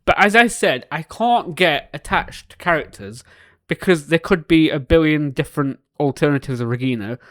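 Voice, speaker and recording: A man hosting a reaction video, excitable, swinging between shouts and mutters as he reacts to a series. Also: fairly high pitch, moderate pace, dry recording, clean studio sound.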